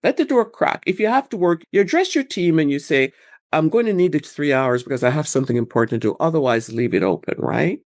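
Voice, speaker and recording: A woman guest speaking about workplace burnout in a rambling, animated way, acting out quoted examples. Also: sits low, quick pace. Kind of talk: conversational interview answers.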